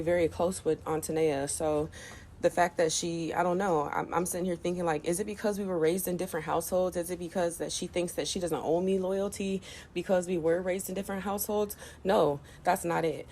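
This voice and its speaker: This emotional venting vlog features a young woman at home in the early morning, crying into her phone as she rambles bluntly and swears. Her voice is lowish, a little mellow, and creaky with vocal fry, over a slight hiss or hum.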